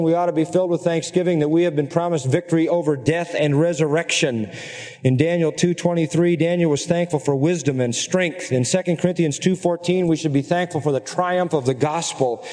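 A man's voice: a little high, mellow. A man preaching a sermon as pastor, earnestly exhorting his congregation and reeling off scripture references. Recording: long reverb from a large hall.

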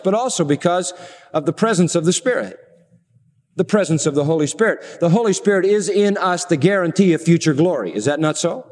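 A middle-aged man preaching a sermon, slowing down for emphasis and asking the congregation rhetorical questions. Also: on the high side, darkish tone, long reverb tail.

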